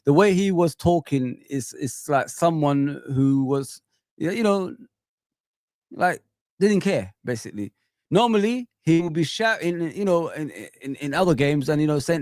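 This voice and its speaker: Animated rambling football fan, dry mic. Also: male voice, high voice, fairly quick, dry recording. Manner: animated, rambling, heavy fillers. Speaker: fan channel host. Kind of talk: casual live reaction chat.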